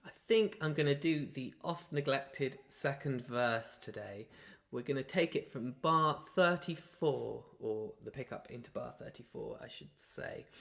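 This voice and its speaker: A man's voice: fairly high pitch, a bit bright. A man leading a home choir session online, explaining the parts and singing lines for people to copy. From South London. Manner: talks, then demonstrates sung lines. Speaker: choir leader.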